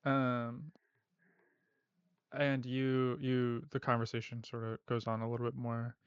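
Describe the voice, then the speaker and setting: A man running a tabletop game who narrates in a relaxed way, full of ums. His voice sits at a mid pitch. The audio is dry and a little dull. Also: a little slow, clear, resonant tone, dry recording. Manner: relaxed storytelling with fillers. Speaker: game master.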